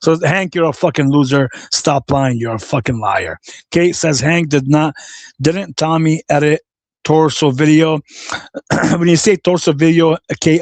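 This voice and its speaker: A man with a voice on the high side, recorded dry, hosts a livestream and rants in anger. He curses, repeats his insults, and reads viewer comments out loud, staying profane and combative.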